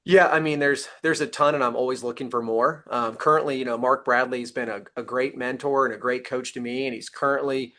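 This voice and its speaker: A man speaks as a panel guest, handing out blunt advice in an emphatic, coach-like way. His voice is mid-pitched for a man, and he keeps checking in with his listeners. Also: fairly even intonation, fairly quick, few pauses, pushed and bright. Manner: emphatic, coaching tone, frequent "right?" tag. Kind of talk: casual panel discussion.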